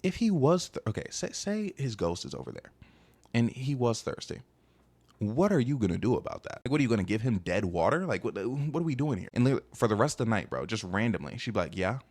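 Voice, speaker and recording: Fast-talking young man telling a story. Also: mid-range voice, sing-song, a little mellow. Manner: rambling and slangy, full of fillers. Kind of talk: casual storytelling.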